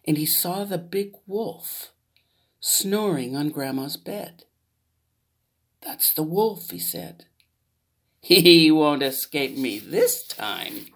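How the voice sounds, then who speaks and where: A woman reading a children's fairy tale aloud in an expressive storyteller manner. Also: lowish voice.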